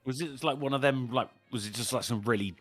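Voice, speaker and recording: A man's voice: medium pitch, quick pace, a bit bright, no echo, soft background music. A man co-hosting a casual comedy podcast, tossing in crude puns and joking interjections. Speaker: podcast co-host.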